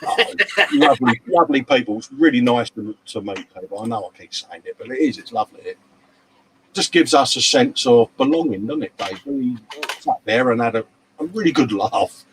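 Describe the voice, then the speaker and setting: A man's voice: mid-range voice, expressive, brisk, slight background noise, low-quality recording. A man hosting a casual live show, reading out viewer comments in a matey, chatty way. He is tired from lack of sleep. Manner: chatty and matey, calling viewers mate and love. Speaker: live-stream show host. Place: hobby workshop bench.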